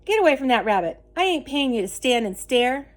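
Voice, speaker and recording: A woman voicing a gruff, folksy old country woman in a storybook reading, with a loud, scolding drawl. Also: high voice, lively intonation, normal speed. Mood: bossy.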